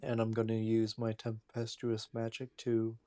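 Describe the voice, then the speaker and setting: A man playing a tabletop game states his moves calmly and matter-of-factly. His voice is dark and mellow, with very little rise and fall. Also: lowish voice, normal speed. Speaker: player. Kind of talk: casual tabletop play.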